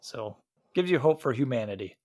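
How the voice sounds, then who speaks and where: A man's voice: medium pitch, expressive, a little fast, a little mellow, dry recording, clean studio sound. A man from Iowa co-hosting a podcast, chatting casually about a movie with many fillers and restarts. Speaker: podcast co-host.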